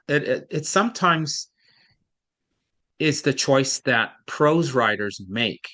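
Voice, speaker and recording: A man's voice: mid-range voice, pushed and bright. A man tutoring a student in reading, explaining patiently and at length, with frequent restarts. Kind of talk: one-on-one online tutoring.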